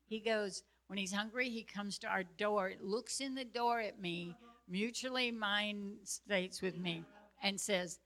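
A woman telling a story casually to a group, animated and chatty, laughing easily. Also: mid-range voice, a little slow.

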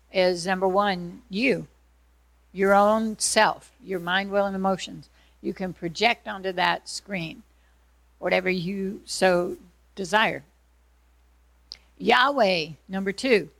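A woman from Georgia, teaching a class from a manual as a prayer ministry teacher and telling lively stories. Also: on the low side, creaky, no echo. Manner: animated storyteller, acts out voices in anecdotes.

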